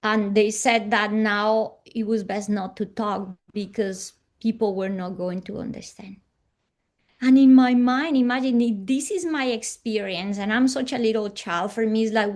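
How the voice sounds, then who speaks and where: A woman of middle pitch tells a personal story as an interview guest. She speaks softly and reflectively, often sinking into a near hush at the ends of her thoughts. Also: unhurried.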